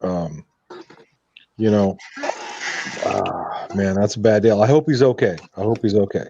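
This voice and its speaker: A man's voice: fairly low pitch, measured pace, warm tone, slight background noise. A man who leads a work crew, speaking earnestly about keeping his people safe. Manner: earnest, emphatic about safety. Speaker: crew leader. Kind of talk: casual chat. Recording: dull lo-fi audio.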